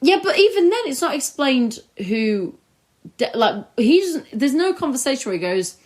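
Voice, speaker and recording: A woman co-host talking casually about a TV episode with a friend. Her voice moves a lot in pitch, rising high when she gets worked up. She keeps slipping into quick impressions of characters. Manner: animated, acts out scenes in quick put-on voices. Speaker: podcast co-host. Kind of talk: casual chat reviewing a TV episode. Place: recorded together in the same room.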